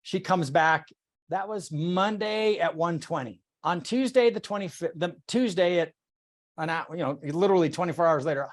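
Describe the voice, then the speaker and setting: A man's voice: fairly high pitch, moderate pace. A man leading a casual sales team call, retelling a client exchange and coaching, candid and swearing freely.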